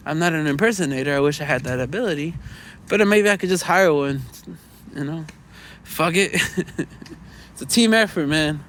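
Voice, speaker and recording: In an outdoor vlog, a Mexican-American man from the States rambles casually, his voice fairly high-pitched with a fairly bright tone; a little hiss or hum sits on the recording. He swears and leans on "you know" and "man" throughout.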